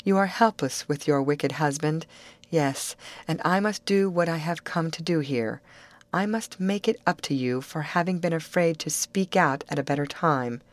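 A woman's voice: sits low, normal speed, no room sound, lightly acted. A woman voicing a frail, frightened young woman who speaks in a vacant, sorrowful, pleading way.

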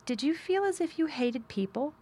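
A woman reading aloud, voicing a frail, excitable sickly boy in a storybook with eager, breathy outbursts. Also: high-pitched, moderate pace, voice pushed up.

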